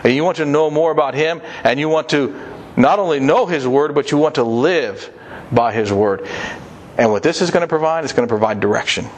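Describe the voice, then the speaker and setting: A man's voice: fairly high pitch, a little fast, slight background noise. A man preaching a sermon, reading scripture and urging listeners in an earnest, repetitive way.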